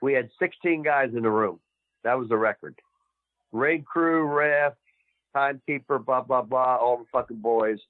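An older man, a former wrestler guest on a podcast, talking in a blunt, profane, gruff way. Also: mid-range voice, normal speed, no room sound. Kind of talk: casual interview. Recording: tinny dry phone line.

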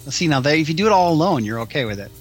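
A man's voice: on the high side, very animated, racing, faint music behind. A man co-hosting a podcast, chatting casually and teasing his host in a dry way.

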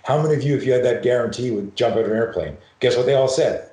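A middle-aged man from Canada, a podcast guest, telling anecdotes in an animated, profane way, acting out voices as he goes. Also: mid-range voice, quick pace, echoey room. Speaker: podcast guest, self-defense and fear expert. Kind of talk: storytelling in a podcast conversation.

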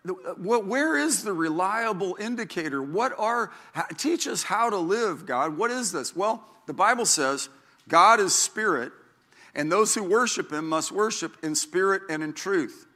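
A man in his sixties, a pastor, preaching a sermon in a chatty, animated way, acting out quotes and stories. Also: unhurried. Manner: animated, chatty, acts out quotes with big pitch jumps.

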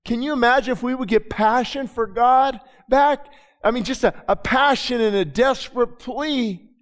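Male pastor, high voice, sermon, impassioned, repeats and restarts, long hall reverb. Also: moderate pace. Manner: impassioned, swings from quiet to loud; repeats words and restarts, conversational. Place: church sanctuary before a congregation.

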